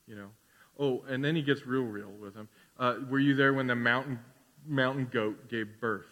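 A man preaching a sermon as pastor, animated, swinging between loud declarations and quiet asides. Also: mid-range voice, moderate pace, in a large hall. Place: church sanctuary.

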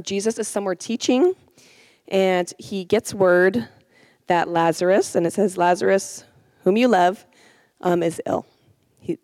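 A woman's voice: fairly low pitch, a little mellow, no echo. A woman teaching an informal sermon, chatty and self-deprecating, with many fillers and restarts.

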